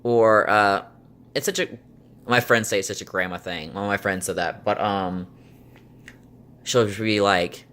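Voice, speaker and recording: Young adult male vlogger, lowish pitch, casual rambling delivery, lots of fillers, exasperated venting. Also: measured pace, long pauses, sharp tone. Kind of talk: casual chat.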